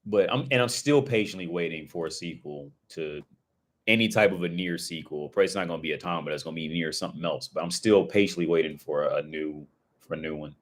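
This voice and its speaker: A man with a slightly low voice rambles through a casual livestream chat. He talks loosely, full of fillers and swearing, and he jumps into excited outbursts. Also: fast. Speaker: streamer.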